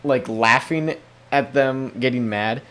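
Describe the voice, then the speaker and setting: A man's voice: medium pitch, slow, fairly bright tone. A young man hosting a solo podcast, rambling casually with lots of swearing and restarts. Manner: profane, rambling, many restarts. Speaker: podcast host.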